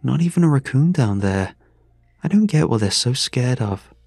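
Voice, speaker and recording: A man voicing a tired, blunt young field worker, speaking casually and loudly in a storybook reading. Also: mid-range voice, a little slow, husky, dry recording, faint music behind. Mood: dismissive. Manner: casual and loud.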